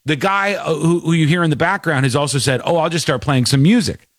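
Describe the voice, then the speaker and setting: A man hosting a casual commentary show, talking in an animated way and laughing while mimicking people. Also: fairly high pitch, fairly quick, no echo, studio quality. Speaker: podcast host.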